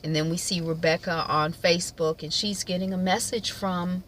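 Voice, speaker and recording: A woman's voice: on the low side, steady tone, fairly bright tone, slight background noise. A woman chatting casually as she recaps a TV episode, with lots of fillers. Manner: chatty, many fillers, quick impressions of characters. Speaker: TV recap vlogger.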